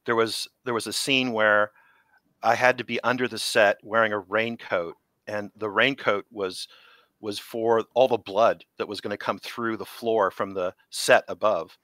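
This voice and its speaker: A middle-aged man, a special effects veteran, telling lively anecdotes in a casual interview and laughing often. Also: on the low side, unhurried, no room sound. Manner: animated anecdotes, laughs often, acts out quotes. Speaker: special effects artist guest.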